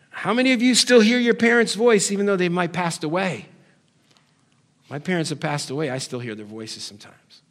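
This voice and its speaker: A man preaching a sermon, firing rhetorical questions at the congregation and swinging from loud calls to quiet, low asides, now and then putting on nagging family voices for laughs. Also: normal speed, long pauses. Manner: puts on nagging family voices for comic effect. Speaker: pastor.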